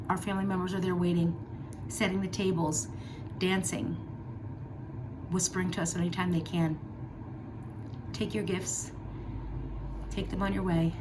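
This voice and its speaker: A woman's voice: fairly low pitch, background noise. Earnest heartfelt woman vlogger. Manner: earnest, heartfelt, emphatic, with fillers. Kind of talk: personal talk to camera.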